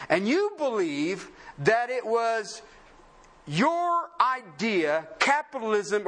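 A man's voice: high voice, pushed and bright. A man preaching a sermon in a conversational, sarcastic way, full of rhetorical questions. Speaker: pastor.

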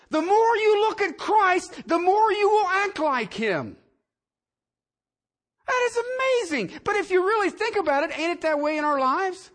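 With a very high-pitched, slightly bright voice, a man delivers a sermon as pastor, keeping his tone conversational and frequently putting questions to the congregation.

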